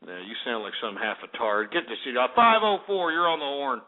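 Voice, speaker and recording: This radio host runs a call-in show, ranting at and insulting callers in an abrasive way. His mid-range voice is very animated and a bit fast, and the audio sounds tinny, like a phone line.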